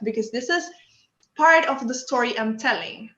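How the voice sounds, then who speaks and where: Higher female instructor, Spanish native speaking English, roomy lo-fi video call. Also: expressive, moderate pace, fairly bright tone. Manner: encouraging, asks the group questions. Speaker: workshop instructor. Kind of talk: online workshop teaching. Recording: echoey room, dull lo-fi audio.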